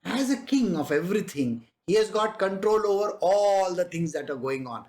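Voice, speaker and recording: A man's voice: sits high, animated, moderate pace, a little mellow. A man giving a conversational spiritual discourse as a teacher, often asking rhetorical questions and chuckling.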